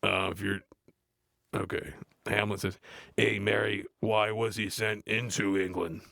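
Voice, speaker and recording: An actor playing a gruff, blunt adult metal frontman, reading a play aloud in a deadpan, grumbling way and mocking the text. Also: lowish voice, measured pace, no room sound, clean studio sound. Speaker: reader of a play. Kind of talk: comedic read-aloud with running complaints.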